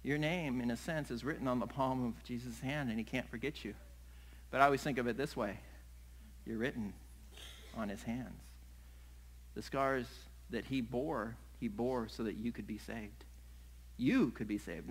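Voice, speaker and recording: A middle-aged man, a pastor, preaching a sermon in an animated way, acting out little scenes and laughing along the way. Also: medium pitch, normal speed, rough recording.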